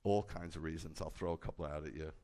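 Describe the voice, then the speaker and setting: A man, a rabbi, preaching a sermon with a conversational manner and bursts of loud, emphatic delivery. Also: extremely low pitch, fast. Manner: animated, rising to loud emphatic peaks. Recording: hall with long reverb.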